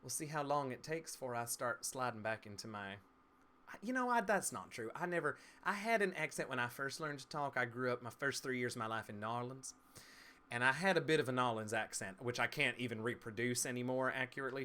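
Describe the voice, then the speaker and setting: A man from East Tennessee, a streamer and game master, in a casual live-stream chat, talking with crisp, trained stage diction in a chatty, playful way. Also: mid-range voice, lively intonation, a little fast, sharp tone. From Southern United States, East Tennessee. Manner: chatty and playful, laughs easily.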